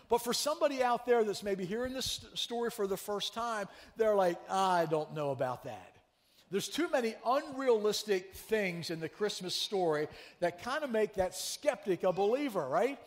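A man preaching a sermon as pastor, telling a story in a chatty, animated way and teasing his congregation. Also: high-pitched, long reverb tail. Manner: conversational, animated storyteller who teases the congregation. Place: church sanctuary.

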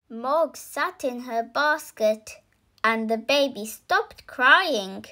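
A woman reading a children's picture book aloud, slow and expressive, lifting into little voices for the characters. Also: on the high side. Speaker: storybook reader.

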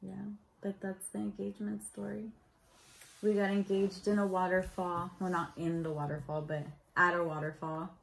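A woman's voice: on the low side, normal speed, creaky, poor audio. A young woman telling her proposal story in a casual vlog, chatty and full of "like" fillers. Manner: chatty, lots of "like" fillers, animated retelling.

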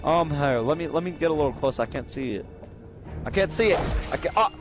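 Whiny gamer guy, high voice, game music behind. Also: expressive, fast talker. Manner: whiny, demanding, keeps repeating himself. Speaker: game player in voice chat. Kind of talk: casual game chat.

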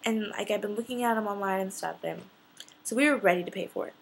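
A teenage girl chatting excitedly in a casual storytelling vlog, gushing and filling her sentences with "like". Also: medium pitch, fast, creaky, slight background noise. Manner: excited and gushing, filler-heavy. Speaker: fashion vlogger.

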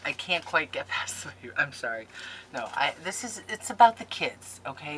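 A woman's voice: deep voice, sing-song, takes it slowly, pauses often, background noise. A woman scrapbooking vlogger opening a package on camera, gushing and playfully melodramatic in a casual chat. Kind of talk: casual unboxing vlog.

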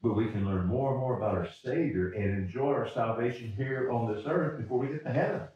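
A man's voice: medium pitch, a little fast, distant mic, highs cut off. A man preaching as a pastor in a folksy, repetitive way, often restarting words. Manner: folksy, repeats words, chuckles. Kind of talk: sermon. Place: church sanctuary. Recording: roomy church sound from off-mic.

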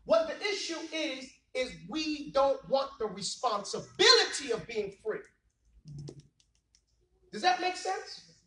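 A high-pitched man gives an emphatic, preachy classroom lecture, often stopping to ask the students whether they follow. He is picked up from across an echoey room, with a faint hiss underneath. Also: animated, takes it slowly, sharp tone, recorded from a distance. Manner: emphatic, preachy, keeps asking the class rhetorical questions. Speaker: Islamic teacher. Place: classroom, indoors.

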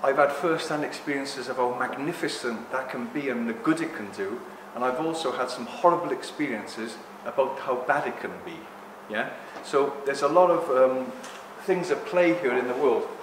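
A man giving a rambling, joking live talk to an audience, speaking loudly without a microphone. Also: mid-range voice, normal speed, hardly any pauses. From Greek heritage. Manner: jokey, rambling, loud. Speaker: guest speaker. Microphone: no microphone, room recording. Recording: echoey room with background noise.

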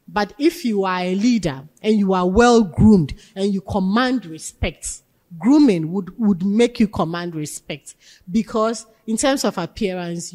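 A lecturer from Ghana, a woman with a mid-range, slightly mellow voice, teaches a leadership class in a lecture hall, and the recording carries long hall reverb. She speaks emphatically and asks her students questions.

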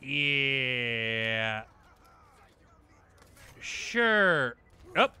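A man commentating his own shooter gameplay, swearing often and breaking into loud shouts at enemies. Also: on the high side, very animated, unhurried, long pauses, clean tone. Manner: profane, bursts into yelling at enemies. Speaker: gameplay streamer. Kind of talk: let's-play commentary.

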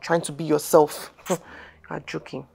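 A woman's voice: low-pitched, little pitch movement, moderate pace, gravelly, a little mellow, slightly rough, faint music behind, exaggerated voice. An actress with a Nigerian accent playing a stern middle-aged mother who scolds her son with insistent, repeated questions. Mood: indignant. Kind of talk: film drama acting.

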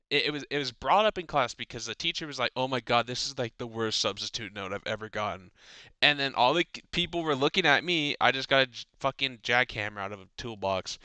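Bright, crisp-voiced ranting teenage guy. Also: medium pitch, no room sound. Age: teens. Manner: rambling, profane ranting storytelling. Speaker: podcast host. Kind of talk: casual chat.

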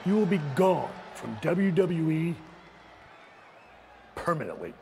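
Gravelly, smug wrestling boss. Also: male voice, on the high side, expressive, slow, mellow, a faint crowd, slight background noise, full character voice. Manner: smug and threatening.

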